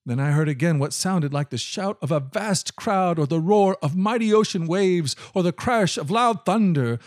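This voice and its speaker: A man giving a measured, solemn scripted Bible reading. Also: high voice, expressive, darkish tone, dry recording, clean studio sound. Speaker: scripture reader.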